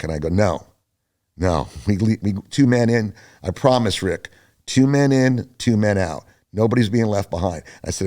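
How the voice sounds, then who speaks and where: An older man, a podcast guest, telling a story casually, animated and profane. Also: low voice.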